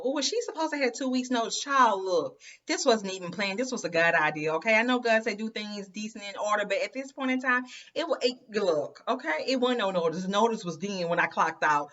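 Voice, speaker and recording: A woman's voice: mid-range voice, sharp tone, lo-fi sound. A woman telling her story to viewers in a chatty, emphatic way, often calling them "you guys" and "girl". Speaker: host of an inspirational women's channel.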